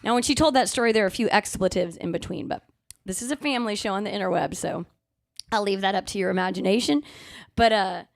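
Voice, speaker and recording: A woman's voice: medium pitch, quick pace, vocal fry, no room sound, clean studio sound. A woman singer chatting casually and telling stories between songs on a live music show. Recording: live music playing behind the voice.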